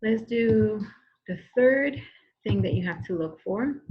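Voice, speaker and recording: A woman's voice: on the high side, lively intonation, slow, highs cut off. A woman teacher giving a recorded grammar lesson, patient and repetitive, often checking in with "okay?".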